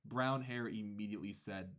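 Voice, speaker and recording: A man, a teacher, casually telling a story about his students, animated and quick with asides. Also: lowish voice.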